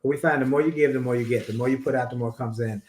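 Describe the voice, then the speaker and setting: A man's voice: mid-range voice, fairly even intonation, fast talker, a little mellow, echoey room. A middle-aged man co-hosting a marriage talk show, speaking with enthusiastic, preacher-like emphasis. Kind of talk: casual radio-style chat.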